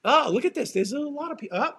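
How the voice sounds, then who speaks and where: High-pitched dude co-hosting a stream, loud, laughy, swears a ton, faint hiss behind. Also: male voice, lively intonation, fast. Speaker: podcast co-host. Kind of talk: casual livestream chat.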